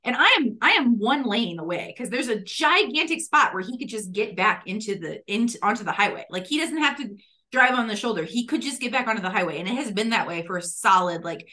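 A woman with a bright, fairly high voice, telling a story in a relaxed chat. She gets animated and acts out what people said, laughing as she goes. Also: a little fast.

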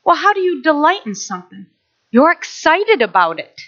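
A middle-aged woman pastor preaching a sermon, animated, with asides and rhetorical questions. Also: sits high, moderate pace. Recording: dull lo-fi recording.

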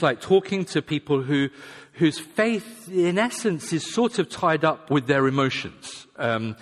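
A man preaching in a relaxed, chatty manner, poking fun at himself and slipping into the voices of imagined people. His mid-range voice carries a long reverb from a church hall. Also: medium pitch. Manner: conversational, self-deprecating, acts out voices of imagined people. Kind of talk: sermon.

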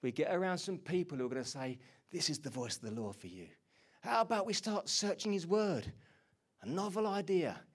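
A man preaching a sermon, moving between hushed, intimate lines and loud, energetic bursts. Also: on the high side, moderate pace, husky. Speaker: pastor.

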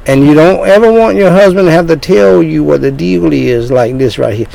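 A man preaching a sermon in a combative, lecturing way, dropping now and then into low, threatening asides. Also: normal speed, vocal fry, dark tone, low-quality recording.

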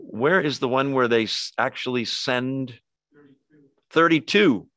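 A man preaching a sermon to his congregation, telling the story in a chatty, animated way with quick asides to listeners. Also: medium pitch, no room sound, clean studio sound. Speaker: pastor.

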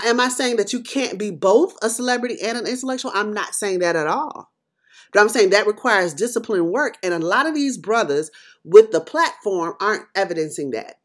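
Impassioned woman podcast host. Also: medium pitch. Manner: emphatic, preacherly, swings between loud and quiet. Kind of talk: impassioned commentary monologue.

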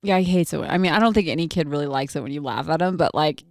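A woman's voice: sits low, fast, no room sound, studio quality. A woman in her thirties co-hosting a casual podcast, telling family stories with frequent laughter. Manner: laughs often, animated storytelling. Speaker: podcast co-host.

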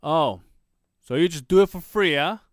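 A man's voice: on the high side, moderate pace, no room sound, clean studio sound. A man co-hosting a podcast, telling a long story in casual chat and acting out the people in it, swearing freely. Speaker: podcast co-host.

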